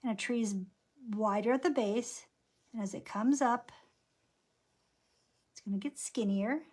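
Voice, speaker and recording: A woman's voice: a little high, unhurried, darkish tone. A woman teaching a painting class, talking through each brushstroke as she works. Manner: chatty, narrates each brushstroke aloud. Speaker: painting instructor. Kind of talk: live painting lesson.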